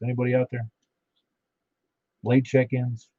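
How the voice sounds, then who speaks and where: A man's voice: mid-range voice, fairly quick, dry recording. A man running an amateur radio net, chatting casually with callers and reading out call signs in a folksy way. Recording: dull lo-fi radio audio.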